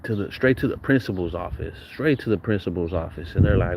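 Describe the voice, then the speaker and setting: A man's voice: lowish voice, big pitch swings, a little fast, hardly any pauses, dull audio. A young man from Southern California telling profane, slang-heavy stories from his childhood in a casual way. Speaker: vlogger. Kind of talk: casual storytelling. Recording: noisy recording.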